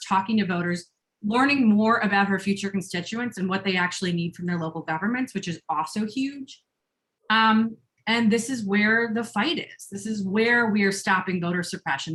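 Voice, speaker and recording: A woman's voice: medium pitch, pushed and bright. A woman organizer presenting on a video call, earnest, with many fillers and rising feeling. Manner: earnest, fillers, grows emotional. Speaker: campaign organizer.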